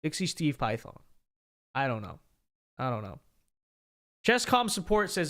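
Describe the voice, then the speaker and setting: A man's voice: on the high side, big pitch swings, unhurried, long pauses, fairly bright tone. A man hosting a casual livestream, reading super chats with stammering repeats and a frequent "okay?". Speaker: livestream host.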